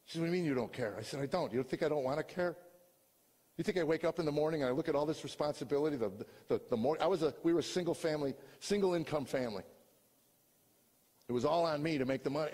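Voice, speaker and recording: An older man tells his own story as a comedian's testimony, moving between hushed lines and loud shouts. His voice is husky and sits a bit high for a man. It rings out in a hall with a long echo. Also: fast. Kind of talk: personal testimony.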